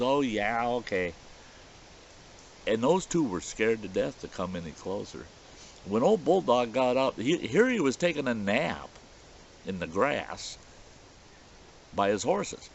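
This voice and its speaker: A man telling a folksy story outdoors at a campfire in the woods, in a dull lo-fi recording. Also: on the low side. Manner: folksy, animated yarn-spinning. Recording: dull lo-fi recording with faint hiss.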